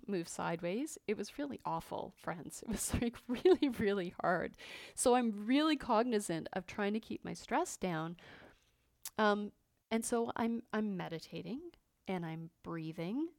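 A woman hosting a podcast, talking openly and earnestly about her feelings, with frequent pauses and fillers. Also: mid-range voice, darkish tone, dry recording, studio quality. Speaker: podcast host. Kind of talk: personal reflective monologue.

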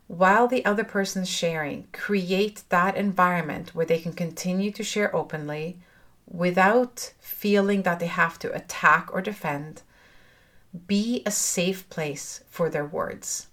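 Gentle low-voiced woman coach. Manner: reflective, gentle advice with pauses and self-corrections. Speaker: divorce coach. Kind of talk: podcast monologue.

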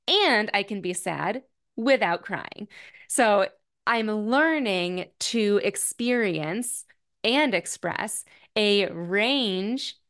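A woman in her thirties hosts a personal podcast and talks alone in a reflective monologue. She sounds candid and thoughtful and pauses to find her words. "Like" comes up often as she talks. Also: medium pitch, fairly bright tone. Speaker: podcast host.

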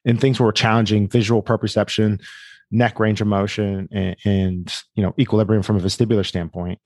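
A man with a lowish voice asks careful, probing questions in clinical terms. He restarts and rephrases as he goes. The recording is dry and close. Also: little pitch movement, brisk, a little mellow, dry recording. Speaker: interviewer. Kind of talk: interview questions.

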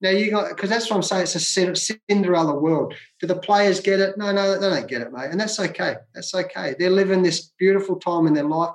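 A middle-aged Australian man with a rather high voice tells his stories with emphasis, circling back to repeat his points. His voice rings with a roomy echo. He sounds like a guest talking freely in an interview. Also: a little fast, hardly any pauses. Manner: emphatic, repeats phrases for effect. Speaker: guest, former cricketer. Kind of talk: conversational storytelling.

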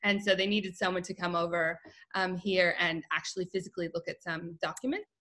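A woman's voice: on the low side, brisk, bright, forceful tone, rough recording. An American woman in her thirties, a guest in a casual interview, chatty and laughing often as she talks. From United States.

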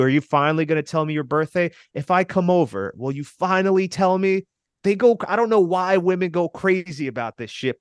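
A man's voice: medium pitch, no echo, studio quality. Emphatic man coaching listeners on dating. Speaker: podcast co-host giving dating advice. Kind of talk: casual podcast chat.

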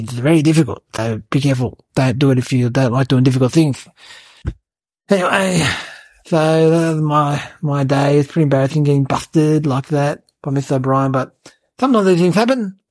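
A woman playing a cheeky, clueless little boy who tells a comic story in a rambling, deadpan way with childlike logic. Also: low-pitched, dry recording. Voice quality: creaky, husky. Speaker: podcast comic character narrator. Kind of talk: comic character monologue.

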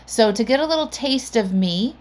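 A woman's voice: fairly high pitch, lively intonation, moderate pace, a little mellow. A woman hosting a podcast and talking in a chatty, upbeat way, with a lot of casual "like"s. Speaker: podcast host and coach.

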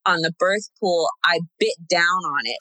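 A woman's voice: on the low side, moderate pace, bright, forceful tone, no room sound, low-quality recording. A young woman chatting casually as a guest, telling a personal story with lots of fillers and laughs. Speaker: guest sharing a birth story.

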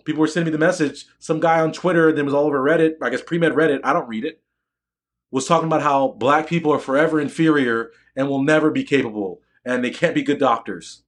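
Male educator, slightly higher voice, emphatic and preachy, repeats phrases for effect. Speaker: educator and physician. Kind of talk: live-streamed motivational talk.

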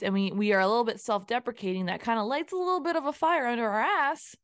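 Animated woman giving a motivational talk. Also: a little high, brisk, clear, resonant tone. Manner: animated, dramatizes inner voices with playful asides. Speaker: podcast host.

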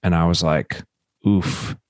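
A man's voice: deep voice, normal speed, dry recording, clean studio sound. A man co-hosting a podcast, chatting casually and retelling scenes with quoted lines. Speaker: podcast co-host. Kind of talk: casual chat.

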